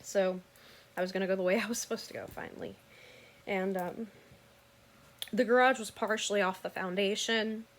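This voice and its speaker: Woman, casual storytelling, earnest, rambling, self-correcting, mid-pitched voice, close mic. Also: fairly even intonation, normal speed, pauses often.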